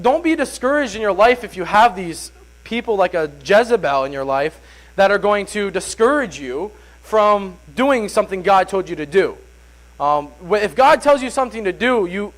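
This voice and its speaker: A man's voice: high-pitched, poor audio. A man preaching an informal Sunday sermon, rambling with many restarts and filler words.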